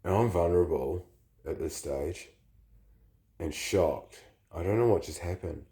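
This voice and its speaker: Aussie guy with the flu, dark mellow voice, talks slow, rambles and stops and starts like he's confessing something. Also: deep voice. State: sick with the flu. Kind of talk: casual personal storytelling.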